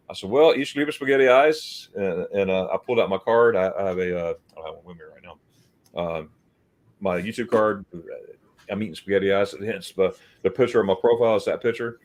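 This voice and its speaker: A man from the United States, hosting a livestream chat, talks fast in a deep, slightly mellow voice. His storytelling rambles, with frequent repeated words and acted-out quotes from the people he describes.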